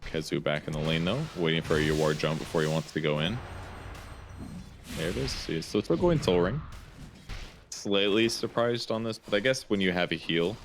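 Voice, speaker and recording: A man with a Midwestern accent giving relaxed, analytical esports commentary on a headset, with plenty of filler words. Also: deep voice, normal speed, background noise. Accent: American Midwestern. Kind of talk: play-by-play analysis.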